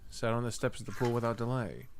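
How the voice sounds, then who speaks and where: A man's voice: mid-range voice, sing-song, quick pace, slight background noise. A man reading a story aloud live, dropping wry, dry asides between passages. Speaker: host and narrator.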